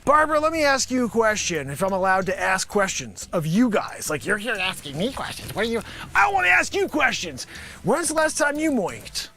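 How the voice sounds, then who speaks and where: A man hosting a live improv comedy show, rambling through a pitchman bit and talking to an imagined panel, now and then bursting into shouts. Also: sing-song, normal speed.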